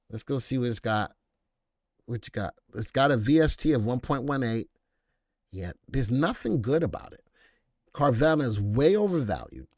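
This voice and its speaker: A man hosting a live stock market commentary show, animated and joking as he reads viewer comments aloud. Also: on the high side, no echo, clean studio sound.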